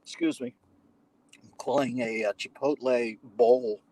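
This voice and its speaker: A man's voice: medium pitch, unhurried, dry recording, poor audio. A man guest on a podcast, telling a long anecdote in casual conversation with profane, wisecracking asides. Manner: animated anecdote-teller who acts out what others said. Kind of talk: conversational storytelling.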